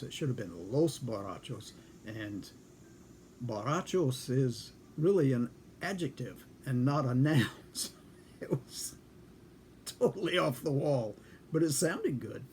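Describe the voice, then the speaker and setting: A man's voice: mid-range voice, a little mellow. Guy telling a folksy story, plain middle voice, does both sides of the chat, faint hiss behind. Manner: folksy, dry, acts out both sides of a conversation. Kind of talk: casual spoken anecdote.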